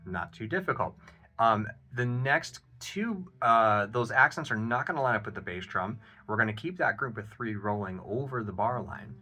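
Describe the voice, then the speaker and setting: Low-voiced man teaching drums over a kit. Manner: counts beats aloud, relaxed and encouraging with fillers. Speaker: drum teacher. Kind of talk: casual drum lesson explanation. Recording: loud drum playing behind the voice. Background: drum kit playing.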